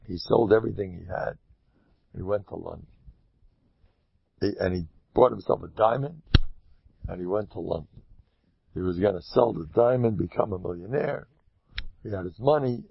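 A man tells a folksy parable with a moral, his voice gravelly and husky. His pitch swings in a lively way, and he drops Hebrew and Yiddish terms into his talk. The recording is dry and dull. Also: dry recording. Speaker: storyteller giving moral advice.

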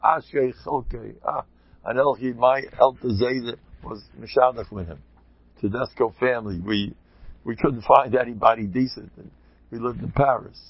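A man, a rabbi, giving an informal talk to a group, an animated, joking storyteller who sprinkles in Yiddish and Hebrew terms. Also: mid-range voice, husky, no room sound, muffled recording.

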